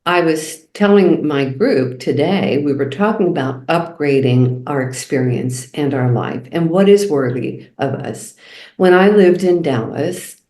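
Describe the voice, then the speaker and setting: A woman's voice: low voice, a little mellow, echoey room. A woman co-hosting a casual chat, telling stories and acting out the voices of the people in them. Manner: storytelling, acts out quoted voices. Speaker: co-host.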